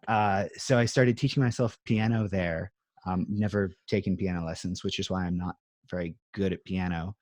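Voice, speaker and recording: A low-voiced man in his thirties talks over a video call from his home music room. He rambles in a self-deprecating way, with lots of ums and uhs. The sound is dry and close. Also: darkish tone, no echo. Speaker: interview guest. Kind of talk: casual chat.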